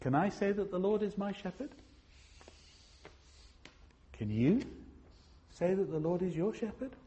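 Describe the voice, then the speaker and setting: A man preaching a sermon in a slow, emphatic way, pausing for weight on single words. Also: sits high, lively intonation, mellow, dull audio. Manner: slow, emphatic, with dramatic pauses.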